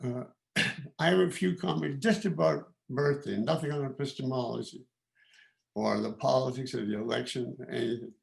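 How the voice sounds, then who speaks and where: A man in his eighties, originally from Canada, giving informal remarks at a celebration in a halting, reflective way, with many pauses and restarts. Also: medium pitch, steady tone, creaky. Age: 80s. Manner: reflective and candid. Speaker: guest of honour giving remarks.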